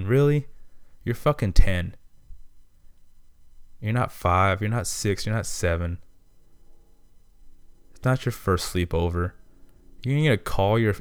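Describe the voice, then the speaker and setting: A man's voice: low-pitched, vocal fry, clean tone, no room sound. A man hosting a podcast, ranting casually with heavy profanity and heated complaints. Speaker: podcast host. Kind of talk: casual monologue rant.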